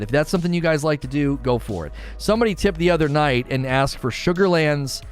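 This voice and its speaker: A man hosting a livestream, chatting casually and animatedly to his viewers. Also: mid-range voice. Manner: animated, talks straight to chat viewers. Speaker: livestream host.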